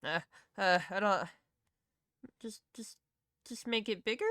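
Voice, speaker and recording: A woman with a Southern US accent chats casually on a live stream as she draws, rambling along, laughing and swearing freely. Her mid-range voice is bright and forceful, a little slow, and the studio-quality recording has no room sound.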